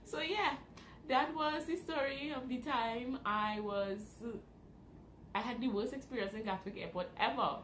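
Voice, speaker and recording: A woman's voice: on the high side, a little slow. A young woman telling a dramatic story in a casual vlog. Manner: animated, dramatic retelling. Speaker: vlogger. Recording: roomy with faint background noise.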